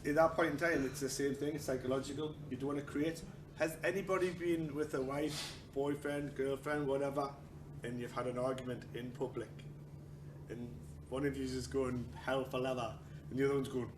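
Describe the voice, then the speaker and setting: A man teaches a martial arts class with humor, joking, swearing, and acting out other people's lines. His voice is medium-pitched with fairly even intonation and a fairly quick pace, recorded in an echoey training hall with noise.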